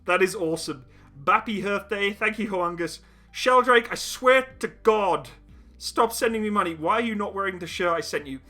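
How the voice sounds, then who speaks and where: A young livestream host reads out donations on a casual chat stream, his voice sitting high with a bright, forceful tone at normal speed. Faint music runs behind him, and he laughs often, teasing himself in a giggly way.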